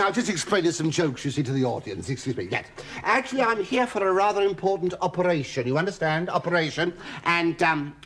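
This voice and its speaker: A middle-aged man doing stand-up patter to a studio audience, halting and stammering, with sudden high squeals. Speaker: comedian and sitcom star. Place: television studio before a live audience. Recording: loud studio audience laughter and noise.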